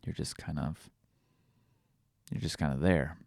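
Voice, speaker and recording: A man hosting a podcast, thinking out loud in a casual reflective monologue, searching for words with frequent restarts. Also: a bass voice, fairly even intonation, measured pace, creaky, no echo, studio quality. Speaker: podcast host.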